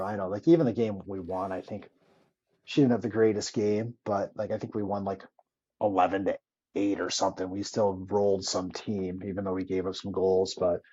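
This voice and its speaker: A man, a former hockey player, telling stories in a casual interview, animated and swearing freely as he acts out old quotes. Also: lowish voice, husky, muffled recording.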